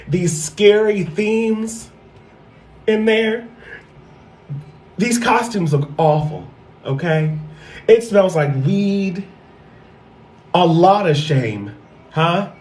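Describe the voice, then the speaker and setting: A sassy, foul-mouthed man in his thirties tells a stand-up story, circling back to repeat his best lines. His voice sits notably high. The sound rings around an echoey room. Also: a little mellow. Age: 30s. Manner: sassy, profane, repeats punchlines. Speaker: stand-up comedian.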